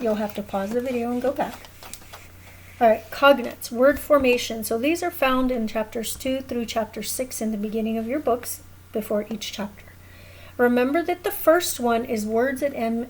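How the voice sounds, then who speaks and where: A woman's voice: a little high, darkish tone, a little hiss or hum, low-quality recording. A woman teaching a recorded lesson, explaining patiently at a whiteboard and often checking in with "okay?". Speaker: Spanish teacher.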